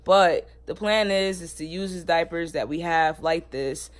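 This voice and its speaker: Slow-talking laid-back man vlogging. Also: on the high side. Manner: relaxed and loose, lots of "like", coos to a baby. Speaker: family vlogger and parent. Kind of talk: casual home vlog chat.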